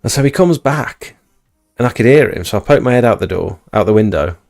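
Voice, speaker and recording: A man's voice: medium pitch, lively intonation, a little fast, creaky, a little mellow. A man, hosting a livestream and telling a rambling, chatty story to his viewers at home. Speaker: livestream host. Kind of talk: casual storytelling to a live chat. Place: indoors at home.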